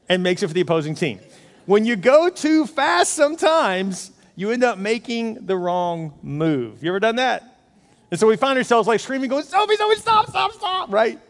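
A middle-aged man preaching a sermon in a lively, animated way, acting out his own inner voice. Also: very high-pitched. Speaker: pastor. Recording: long hall reverb.

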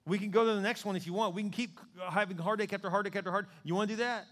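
A man's voice: sits high, fairly even intonation, rapid-fire, fairly bright tone, voice pushed up. A man voicing God as a stern, sarcastic male figure who scolds a believer in a reverberant church hall. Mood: scolding. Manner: blunt, sarcastic questioning.

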